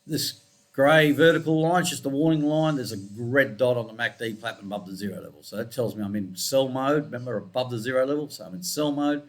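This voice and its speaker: Man, trading chart walkthrough, casual, rambling, self-correcting, muttered asides, medium pitch. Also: fast talker. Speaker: forex trading analyst.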